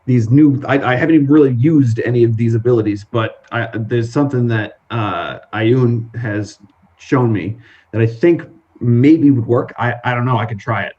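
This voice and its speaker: A man narrating and playing a tabletop role-playing game in casual, halting speech full of restarts. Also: mid-range voice, lo-fi sound. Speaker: game master and player.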